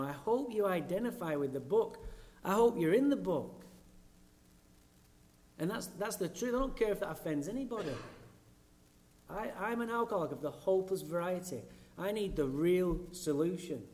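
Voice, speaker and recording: A man's voice: high-pitched, a little mellow. A man from England with an English accent, giving a blunt, profane and self-mocking personal talk at a recovery meeting.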